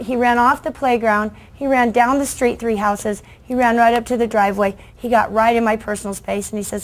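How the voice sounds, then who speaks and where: A middle-aged woman, a children's book author, telling lively stories in a talk and acting out the voices of kids and adults. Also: a little high, a little fast, hardly any pauses. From United States. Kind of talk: lively storytelling speech to an audience.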